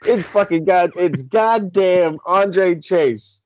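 Profane, rambling podcast host. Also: male voice, high voice, slow, no room sound. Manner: rambling, profane, animated ranting. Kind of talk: casual chat. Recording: dull lo-fi recording, dry.

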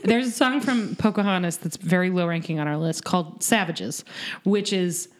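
Podcast co-host, a woman, animated and joking, recorded at home. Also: fairly low pitch, normal speed. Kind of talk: casual chat. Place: home, cat nearby. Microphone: desk recorder.

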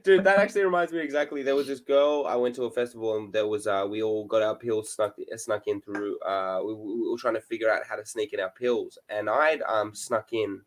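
A young man in casual chat, teasing crudely and breaking into high bursts of laughter. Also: fairly even intonation, fairly quick, hardly any pauses.

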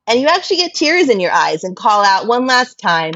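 A woman reading a choose-your-own-adventure story aloud to a friend as game master, laughing often and jumping to high voices for quotes. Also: expressive, fairly quick, few pauses, a bit bright. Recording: dull lo-fi podcast mic with faint noise.

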